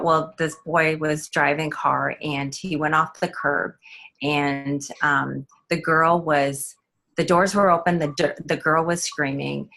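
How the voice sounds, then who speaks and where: A woman with a lowish voice tells a personal story as a guest in an interview. She speaks haltingly, pausing on ums and restarting her sentences as she goes. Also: a bit bright. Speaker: guest author.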